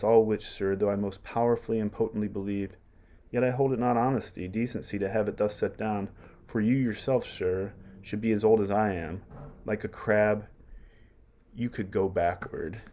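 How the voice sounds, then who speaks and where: A man reading aloud as a young prince who acts mad to mock those around him. The lines come in a fairly low, plain reading voice. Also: mellow, natural voice. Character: young prince feigning madness, mocking.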